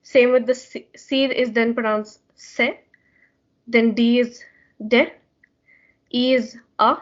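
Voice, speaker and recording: A woman's voice: on the high side, little pitch movement, slow. A woman teaching in an online class, explaining patiently with many fillers, over muffled call audio. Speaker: language session teacher.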